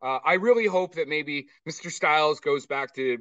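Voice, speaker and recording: A man's voice: on the high side, moderate pace, no room sound, recorded from a distance, dull audio. A man co-hosting a podcast, chatting casually and profanely while reviewing a movie. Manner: profane, ranting, animated. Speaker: podcast co-host.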